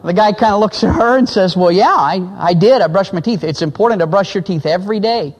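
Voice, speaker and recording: A pastor speaks a little fast in a large hall, telling sermon illustration stories and acting out the voices of the people he quotes. He drops his voice low for the men's lines.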